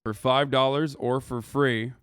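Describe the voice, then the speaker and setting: A man in his thirties hosting a live reaction stream, tossing out sarcastic, mocking remarks with plenty of swearing. His voice is smooth and clean at a middling pitch. The sound is dry and close, with no room to it. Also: fairly even intonation, a little slow, a bit bright, no room sound. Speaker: livestream host. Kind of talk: casual reaction commentary.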